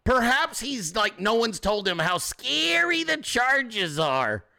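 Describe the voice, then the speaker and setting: A man hosting a podcast, with a high, bright voice that swings widely in pitch. He talks casually and profanely, cracking jokes and slipping into quick impressions of other people. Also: vocal fry. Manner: profane, joking, animated mimicry of others. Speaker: podcast host. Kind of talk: casual political commentary.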